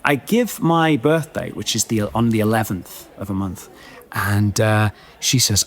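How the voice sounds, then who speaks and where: A man telling a comic story on a podcast, animated and self-mocking, with many chatty asides. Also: on the low side, unhurried.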